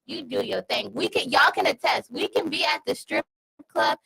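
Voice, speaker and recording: A woman's voice: a little high, lively intonation, moderate pace, gravelly, bright, forceful tone, husky, no room sound, low-quality recording. A woman speaking frankly and casually in a group podcast chat, with casual swearing.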